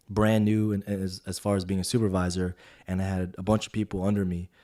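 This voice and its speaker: A man's voice: deep voice, normal speed. A young adult man co-hosting a podcast, telling a story in casual chat and acting out the dialogue with lots of filler words. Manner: animated, acts out quoted dialogue with filler words. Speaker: podcast co-host.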